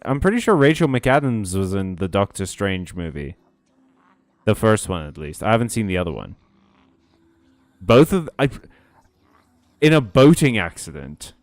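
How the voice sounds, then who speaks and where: A man's voice: medium pitch, a little mellow, no echo. A man streaming a video game, chatting casually and reading out chat, with sarcastic asides and plenty of swearing. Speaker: gaming streamer. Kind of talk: casual let's-play commentary reading chat.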